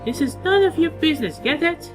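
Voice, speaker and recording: A man doing a moody shrill teen girl. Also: animated, brisk, music in the background. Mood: angry. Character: young girl, moody, shy then explosive.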